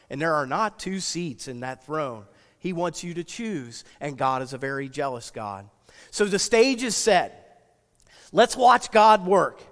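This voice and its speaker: High-voiced preacher with dramatic swings. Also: male voice, long reverb tail. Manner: dramatic swings from loud excitement to hushed intensity. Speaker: pastor. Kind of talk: sermon.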